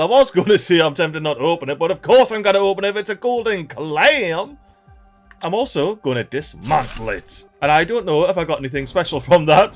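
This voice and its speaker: A man giving casual gameplay commentary as a let's-play host, excitable and exclamatory, full of slang and chuckles. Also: fairly high pitch.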